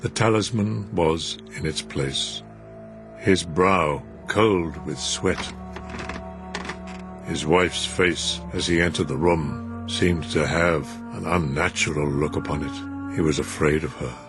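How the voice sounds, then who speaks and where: A man narrating a story in an expressive, measured reading. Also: rumbling low. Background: music.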